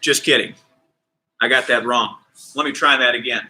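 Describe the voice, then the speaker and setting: A man's voice: mid-range voice, moderate pace, long pauses, poor audio. A man coaching a kids' PE class, telling a story with lots of energy and acting out the characters. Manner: energetic, theatrical, plays voices of characters. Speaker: kids PE coach. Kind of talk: animated storytelling to kids.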